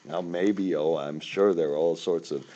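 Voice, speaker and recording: Older male instructor, low mellow voice, rambling and self-correcting, dull lo-fi recording. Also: steady tone, a little slow, a little hiss or hum. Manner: rambling, self-correcting, with sudden emphatic bursts. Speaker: finance instructor. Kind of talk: screen-recorded spreadsheet tutorial.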